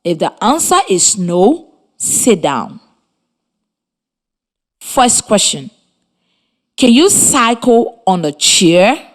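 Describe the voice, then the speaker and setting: A Liberian woman teaches a reading lesson over the radio, speaking slowly and clearly and asking the children encouraging questions. Her voice is mid-range with big swings in pitch.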